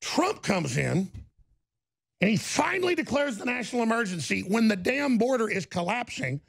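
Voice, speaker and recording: Gravelly, sarcastic male commentator. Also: high-pitched, very animated, normal speed, a bit bright. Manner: ranting, sarcastic, jumps between mock voices. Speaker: political commentary host. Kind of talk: heated political commentary.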